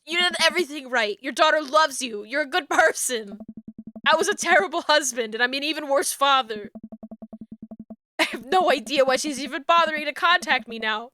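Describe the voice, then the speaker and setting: A woman's voice: high voice, brisk, sharp tone, dry recording, faint music behind. A woman reading as a broken, regretful middle-aged dad. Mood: despairing. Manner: choked-up, self-loathing. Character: grown man, sad regretful divorced father.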